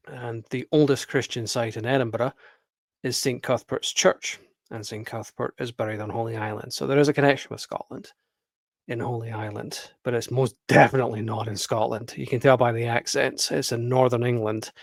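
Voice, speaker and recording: A man's voice: mid-range voice, fairly even intonation, moderate pace, gravelly, dry recording. A man hosting his own channel, ranting casually to camera in an exasperated, emphatic way, swearing often. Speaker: video commentator.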